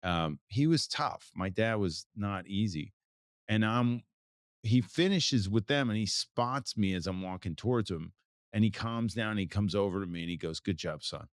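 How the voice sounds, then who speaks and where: A man's voice: on the low side, moderate pace, dry recording, studio quality. A man from the United States in his forties, a photographer being interviewed, telling stories in a loose, rambling way with frequent restarts. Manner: rambling, with many restarts and fillers. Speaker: photographer, guest. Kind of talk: casual interview talk.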